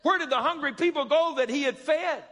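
A man preaching a sermon, calling out to the congregation and rising to shouts. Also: very high-pitched, brisk, big-room sound.

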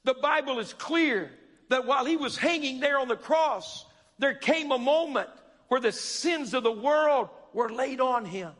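A man preaching a sermon, calling out to the congregation and rising to shouts. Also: very high-pitched, a little slow, in a large hall.

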